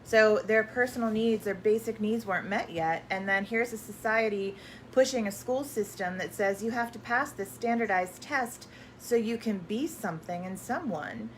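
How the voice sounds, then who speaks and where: A woman's voice: medium pitch, moderate pace, slight background noise. A woman hosting a live question-and-answer stream, talking casually and rambling with many fillers and restarts.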